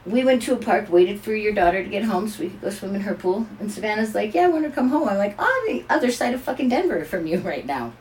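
A woman's voice: medium pitch, fast, hardly any pauses, a little hiss or hum. An older woman, a grandmother, telling a family story in casual chat and acting out the voices. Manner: animated, acts out voices in her stories.

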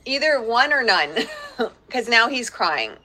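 Bright-voiced woman teaching live from home. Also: on the high side, big pitch swings, slow pace, a little hiss or hum. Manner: chatty and warm, laughing often and breaking off to address her children. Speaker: parenting coach hosting a live workshop. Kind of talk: live-streamed teaching talk. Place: at home with young children around.

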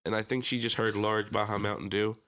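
A young man co-hosting a podcast, with a Philadelphia-area American accent, speaks in a low, clean-toned voice at a fairly quick clip. He tells his stories animatedly in casual chat, cursing often and acting out quotes loudly.

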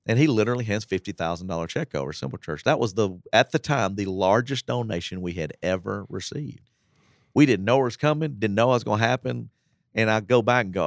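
A man's voice: on the low side, expressive, fast talker, no echo, studio quality. A man, a pastor telling faith stories on a church podcast. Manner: earnest testimony, acts out quotes.

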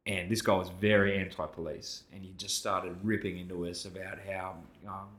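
In a casual podcast chat, this Australian co-host in his thirties recounts a story in a low voice at a normal speed. He's lively, voicing each character himself and getting louder as he plays both sides.

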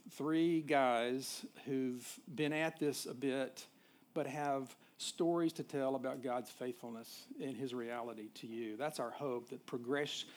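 A middle-aged man from Nashville preaching a sermon as a pastor, halting, with frequent fillers and restarts. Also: mid-range voice, darkish tone. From Nashville, USA.

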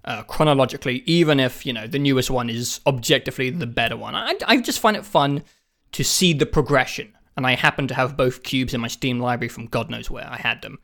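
Brisk and gravelly, this podcast co-host has a mid-range, fairly bright voice and a case of the sniffles. He talks games in a casual chat, cursing liberally and laughing as he tells his stories.

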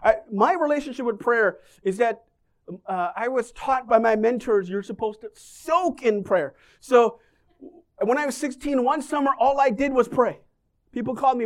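A man's voice: very high voice, moderate pace. A man preaching a sermon, joking and asking the congregation questions as he talks. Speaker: pastor.

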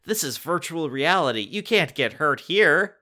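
A man's voice: a little high, lively intonation, normal speed, pushed and bright, voice pushed up. A man voicing Jordan, a bratty, scoffing young boy, in a raised voice while reading a storybook aloud.

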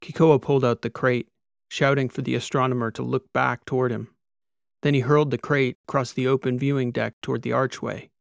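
Gravelly male audiobook narrator. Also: mid-range voice, fairly quick, no echo, studio quality. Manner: steady storytelling. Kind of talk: scripted narration.

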